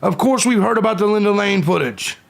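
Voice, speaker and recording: A man's voice: high-pitched, expressive, a little fast, vocal fry. A man in his forties hosting a live stream, reading viewers' comments aloud and firing back at trolls in a combative, profane way. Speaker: livestream host.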